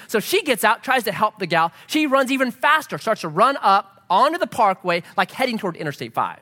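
In a large hall, a middle-aged man preaching a sermon tells a story fairly quickly with few pauses, his pitch high. He's animated and acts out the voices of the people he describes.

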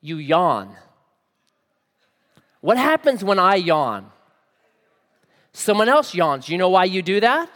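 Conversational preacher in a reverberant hall. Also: male voice, high voice, sing-song, slow pace, long pauses, fairly bright tone. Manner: conversational, asks the audience questions. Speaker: pastor. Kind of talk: sermon.

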